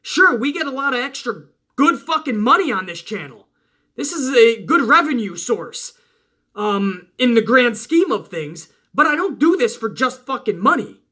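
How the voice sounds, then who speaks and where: A man who talks loud, close to yelling, in a bright, forceful voice. His pitch swings up and down as he rants, and he swears often. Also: sing-song, moderate pace. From Italian-American household. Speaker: wrestling channel host. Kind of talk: casual rant to viewers.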